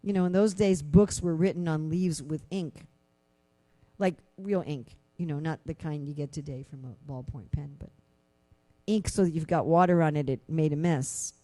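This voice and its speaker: Woman lecturer, scripture class, chatty with lots of "you know", warm mellow tone. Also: sits low, moderate pace. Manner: conversational, many "you know" fillers; animated storytelling with rhetorical questions.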